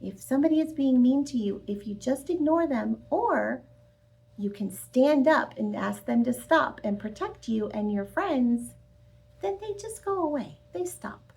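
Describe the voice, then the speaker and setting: Woman storyteller for children, high voice, unhurried and expressive. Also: gravelly. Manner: expressive, sing-song, addresses children directly. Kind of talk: children's read-aloud.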